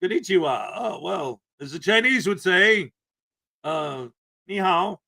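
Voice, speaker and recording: A man from Canada hosting a casual morning livestream, greeting viewers by name with loud, upbeat enthusiasm and a slightly rough throat. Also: sits high, lively intonation, measured pace. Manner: upbeat, greeting chat names with shouted enthusiasm. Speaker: livestream host.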